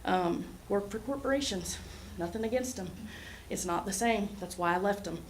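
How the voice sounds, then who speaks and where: A woman in her forties speaks to a city commission about her ambulance service, earnest and heartfelt with a touch of nerves. Her voice sits at an ordinary middle pitch, and a faint hum of room noise runs beneath her. She talks plainly, like a medic more at home on a truck than at a podium. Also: moderate pace, poor audio. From Oklahoma. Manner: earnest, heartfelt, a little nervous. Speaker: EMS administrator. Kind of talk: public remarks at a city meeting. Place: city hall meeting room.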